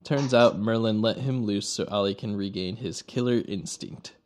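Low-voiced man hosting a joking podcast. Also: moderate pace. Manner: joking, relaxed, loose summarizing. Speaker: podcast host. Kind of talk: casual podcast chat.

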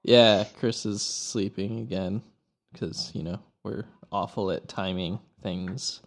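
Low-voiced man hosting a joking podcast. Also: slow. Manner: joking, relaxed, loose summarizing. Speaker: podcast host. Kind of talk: casual podcast chat.

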